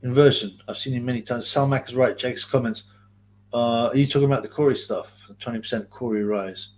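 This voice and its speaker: Steady in tone and a little fast, his mid-range voice is slightly mellow, and a faint hiss or hum is audible. He's a livestream host from Greater London with a London accent, chatting casually in slang and reading viewers' comments aloud.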